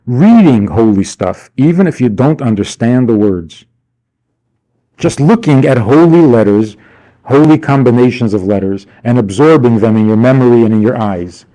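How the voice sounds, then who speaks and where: A man teaching a class as a rabbi, animated and rhetorical, acting out the people he quotes. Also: medium pitch. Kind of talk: lively classroom lecture. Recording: archival 1992 class recording.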